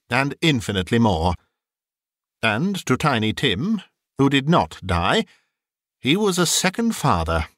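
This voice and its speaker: Expressive male storyteller. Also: mid-range voice, no room sound, studio quality. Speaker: narrator. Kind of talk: audiobook reading.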